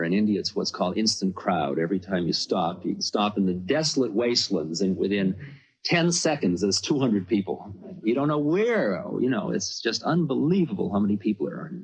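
A man's voice: lowish voice, lively intonation, fairly quick, husky. A man telling a personal story in a rambling, conversational way, often saying "you know". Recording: dull lo-fi recording.

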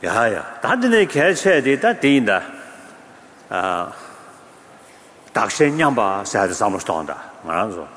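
A man gives a religious teaching, his fairly low voice swinging widely and leaping up in pitch. He is recorded in an echoing hall with a faint hiss behind him. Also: normal speed, pauses often. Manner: expressive, with sudden rises in pitch. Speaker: Buddhist teacher. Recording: echoey hall, faint background noise.

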